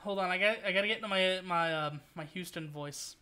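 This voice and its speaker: A man's voice: high-pitched, brisk, few pauses, pushed and bright, clean tone. A man streaming a video game, rambling and joking through his play and swearing when things go wrong. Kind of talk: casual gameplay commentary.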